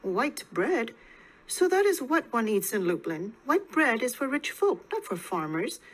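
A woman's voice: on the high side, sing-song, measured pace, poor audio. A woman voicing a burly, good-humored young male farmer who teases and chuckles as he talks, in an audiobook reading. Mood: amused. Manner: teasing, chuckling.

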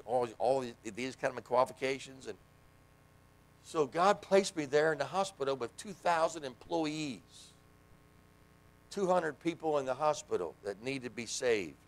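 In a church sanctuary, a middle-aged man who serves as both pastor and hospital chaplain preaches in a fairly high, creaky voice. He tells his own story and acts out the voices of the people he quotes.

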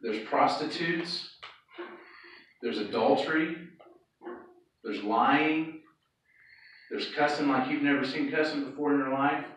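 A man's voice: on the high side, takes it slowly, pauses often, fairly bright tone, far from the mic. A man preaching to a youth group in a loose, conversational way, often stopping to ask "okay?". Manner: conversational, checks in with frequent "okay?". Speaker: youth pastor. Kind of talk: sermon. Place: church hall or sanctuary. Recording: echoey hall, speaker away from mic.

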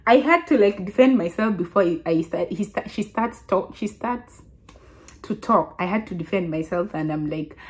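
A Kenyan woman in her twenties telling a casual story to her vlog audience, chatty and animated, often restarting her sentences. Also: mid-range voice, normal speed. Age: 20s. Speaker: vlogger.

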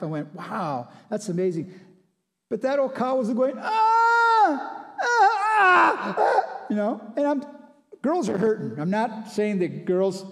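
Folksy pastor in a reverberant hall. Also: male voice, high-pitched, dark tone. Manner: folksy storytelling, acting out voices and sounds. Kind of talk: conversational Bible teaching sermon. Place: church sanctuary.

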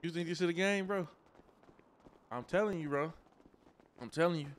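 A man streaming a game role-play, talking in a pushy, insistent way that sometimes drops to a low pleading tone. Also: normal speed, a little hiss or hum. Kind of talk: casual role-play banter.

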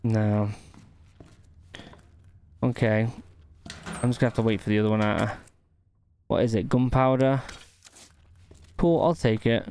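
A man's voice: mid-range voice, fairly even intonation, a little slow, pauses often, darkish tone, smooth. Man muttering through a game. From United Kingdom. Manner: thinks aloud, mutters to himself while solving puzzles. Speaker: gaming channel host. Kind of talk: gameplay commentary.

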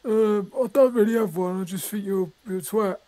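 A man with a high-pitched voice rambles through improvised comic banter. He is deadpan, stumbles over his words, and makes mock-aggressive threats. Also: normal speed.

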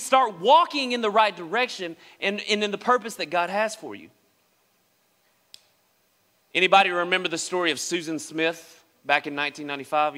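Male pastor, sermon, dramatic delivery; bright, forceful tone, long church reverb. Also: high voice. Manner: dramatic, acts out quoted speech. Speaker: preacher. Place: church sanctuary.

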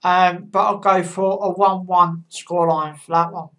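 A woman casually giving football match predictions, with a halting delivery and frequent pauses. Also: fairly low pitch, steady tone. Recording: voice a bit far from the mic.

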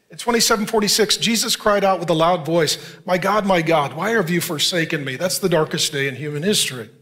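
High-voiced man preaching a sermon. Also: sharp tone. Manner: earnest preaching, reads scripture aloud, addresses the congregation directly. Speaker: pastor.

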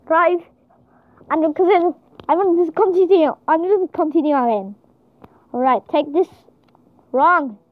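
Woman gamer, very high voice, slow halting delivery, panicky exclamations, tinny phone-like dry sound. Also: no echo. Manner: excitable, frequent panicked exclamations. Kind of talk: panicked gameplay commentary.

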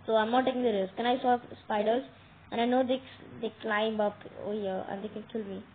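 A woman giving casual game commentary, talking straight to viewers with excitable, dramatic alarm. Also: fairly high pitch, a little fast. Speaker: gameplay commentator. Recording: tinny phone-like audio with faint noise.

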